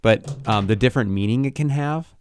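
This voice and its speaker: A man co-hosting a casual faith discussion, talking in a thoughtful, halting way and often restarting his sentences. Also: mid-range voice, a little mellow, a little hiss or hum. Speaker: co-host.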